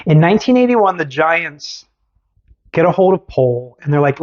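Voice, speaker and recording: A podcast host telling a story in casual chat, animated and sarcastic. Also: mid-range voice, normal speed, lo-fi sound.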